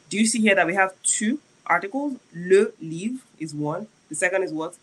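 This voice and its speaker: A French teacher giving a live-streamed lesson, chatty and checking in with viewers often, slowing down to spell out French example sentences. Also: medium pitch, expressive, husky, rough recording.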